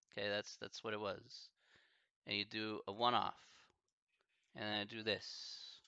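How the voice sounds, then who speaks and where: A man, a math instructor on a live stream, talking casually and haltingly, thinking aloud with many fillers. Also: medium pitch, vocal fry, sharp tone, clear, resonant tone, no room sound, dull audio.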